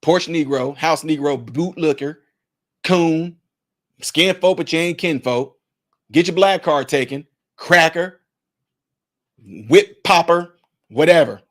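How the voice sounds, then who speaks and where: Taking it slowly with long pauses, this man's slightly high voice delivers preachy, emphatic commentary as a vlogger. He repeats his points for emphasis and mimics other people in put-on voices.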